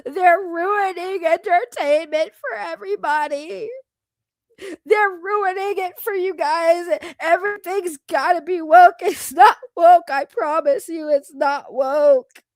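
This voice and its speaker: A woman putting on the voice of a whiny, tearful woman streamer who begs for pity, with slow, drawn-out mock crying. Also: very high voice, no echo, full character voice. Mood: mock sobbing. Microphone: computer microphone.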